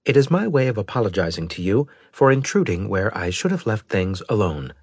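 A man voicing a polite male alien AI that speaks in a formal, measured, robotic way. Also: on the low side, very animated, husky, dry recording, studio quality, full character voice.

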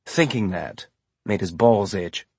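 A man giving measured, scripted audiobook narration. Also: deep voice, expressive, vocal fry, husky, no echo.

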